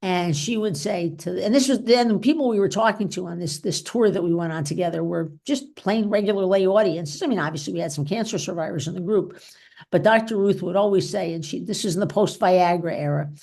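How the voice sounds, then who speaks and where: Woman doctor presenting, chatty and informal, lowish gravelly voice. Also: brisk, darkish tone. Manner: chatty, frequent "okay?" and "you know" tags. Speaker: physician presenter. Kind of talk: informal medical talk with Q&A.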